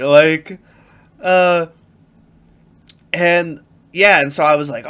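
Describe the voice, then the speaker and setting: A man co-hosting a movie podcast in casual chat, animated and laughing often as he retells scenes. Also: fairly high pitch, slow, long pauses. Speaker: podcast co-host.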